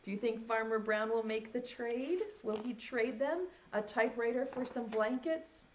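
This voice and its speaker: A young woman preschool teacher reading a picture book aloud, gently stopping to ask the children questions. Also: on the high side, moderate pace, dull audio. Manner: gentle, asks children questions as she reads. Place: home video lesson.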